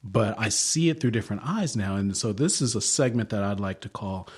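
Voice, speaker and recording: A man, a criminal defense attorney, co-hosting a podcast in casual, animated chat. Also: on the low side, brisk, slightly rough. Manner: animated, acts out quotes.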